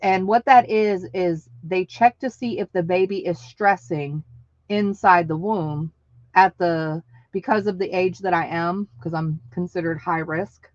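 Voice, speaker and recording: A woman over 35, likely in her late thirties or older, chats casually on a live stream with a fairly low, unhurried voice, laughing often and acting out what people said in her stories. The recording is dry, with dull lo-fi stream audio.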